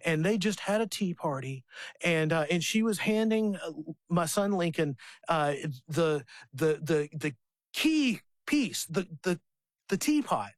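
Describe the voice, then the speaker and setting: A man's voice: fairly high pitch, a little slow, no echo. A man, likely in his thirties, hosting a faith radio talk show and telling family stories with many restarts. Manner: animated storyteller, many restarts.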